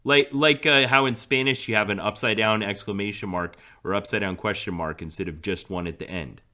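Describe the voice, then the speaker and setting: A man's voice: on the low side, brisk, sharp tone. A man co-hosting a podcast, telling a story in casual chat and laughing often. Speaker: podcast co-host.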